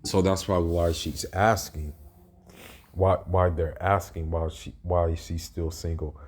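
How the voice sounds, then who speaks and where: A man's voice: low voice, flat delivery, measured pace, a little mellow, a little hiss or hum. A man reacting to a played video in casual, rambling commentary, often restarting and asking "you know what I mean".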